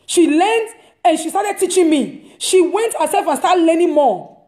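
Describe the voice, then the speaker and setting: A woman's voice: very high-pitched, animated, measured pace, warm tone. A woman, a preacher telling an emphatic, repetitive testimony on a live stream. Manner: emphatic, repeats words, storytelling. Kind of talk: casual testimony talk. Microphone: live stream device mic.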